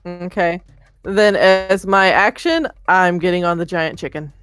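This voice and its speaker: A woman's voice: fairly low pitch, lively intonation, unhurried, a bit bright, smooth, faint music behind. A woman playing a tabletop game, playful and eager in her turns. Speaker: player. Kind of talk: casual tabletop play.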